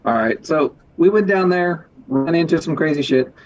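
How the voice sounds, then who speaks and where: A man playing a tabletop game, talking quickly and offhandedly with wisecracks. His voice sits mid-pitch, and the recording sounds dull and lo-fi. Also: expressive. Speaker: player. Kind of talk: casual tabletop game talk.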